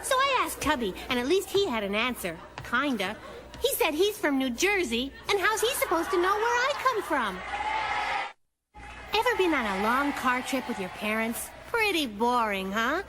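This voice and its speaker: A woman's voice: high voice, sing-song, normal speed, very noisy. A woman voicing a chatty, cheeky young cartoon girl who tells playful stories with giggles. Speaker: narrator character. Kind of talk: cartoon monologue to the audience.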